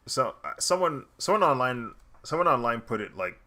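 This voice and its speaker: A man's voice: medium pitch, very animated, normal speed, sharp tone. A man talking casually while he draws, rambling and laughing often. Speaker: artist streaming while drawing. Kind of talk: casual commentary while drawing.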